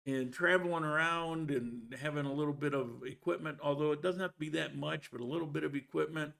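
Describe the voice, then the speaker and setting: A man's voice: a little high, brisk, vocal fry, a bit bright. A man hosting a live stream, greeting viewers by name and chatting casually with frequent restarts. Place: living in Colombia.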